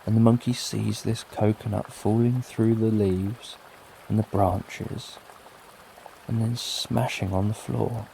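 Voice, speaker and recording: A middle-aged British man narrating a bedtime story for sleep, gentle and lulling with plenty of repetition. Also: fairly low pitch, level tone, takes it slowly, vocal fry, slight background noise. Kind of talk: slow soothing bedtime storytelling. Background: soft rain.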